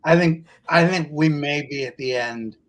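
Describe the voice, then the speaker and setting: A man co-hosting a comedy podcast, joking in a dry, deadpan way and making mock-grand claims. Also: on the high side, moderate pace, rough recording. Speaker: podcast co-host and stand-up comedian. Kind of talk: casual comedy podcast chat.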